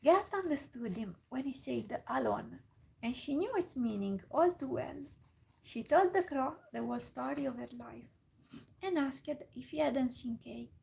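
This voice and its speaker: A woman reading a fairytale aloud in a whispered role-play, soft and slow with small slips. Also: sits high, expressive, vocal fry, low-quality recording. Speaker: storyteller.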